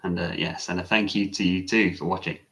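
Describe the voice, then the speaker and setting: A man with a very low voice chats with viewers on a live stream, reading out their greetings and answering them. He is a meditation teacher and talks in a relaxed, musing way, often stopping to correct himself mid-sentence. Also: brisk. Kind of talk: casual live-stream chat.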